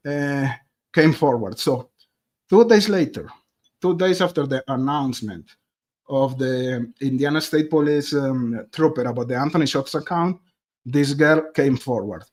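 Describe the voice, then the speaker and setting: A man's voice: medium pitch, measured pace, a little mellow. Chatty man. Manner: chatty, addresses viewers directly as "guys". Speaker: true crime streamer. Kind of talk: live-stream commentary.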